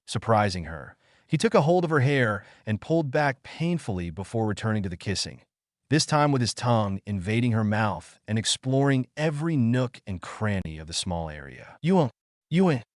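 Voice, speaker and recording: Brief: male narrator, animated pitch, close dry recording. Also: no room sound. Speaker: fan fiction narrator. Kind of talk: story narration.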